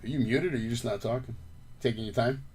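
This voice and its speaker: A man hosting a wrestling podcast in casual chat. He recaps events with lively swings in his voice and turns to his co-host for grades. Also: medium pitch, fast, a little hiss or hum.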